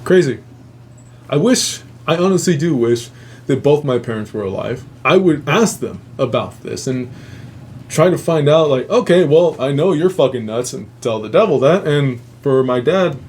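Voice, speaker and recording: A man's voice: mid-range voice, darkish tone, a little hiss or hum. A man hosting a show, casually retelling a family ghost story, swearing freely and rambling with many fillers. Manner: profane, rambling, laughs at own jokes. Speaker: host.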